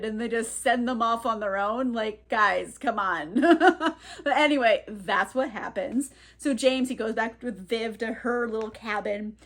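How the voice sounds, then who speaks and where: A woman's voice: a little high, fairly bright tone. A woman recapping a novel in a chatty, irreverent way, full of slang and laughter. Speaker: book reviewer. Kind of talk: casual book recap.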